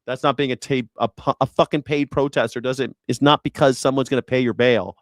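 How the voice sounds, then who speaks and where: A man's voice: mid-range voice, fairly even intonation, a little fast, no echo, clean studio sound. A man hosting a news reaction show, sarcastic and incredulous and swearing freely. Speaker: host.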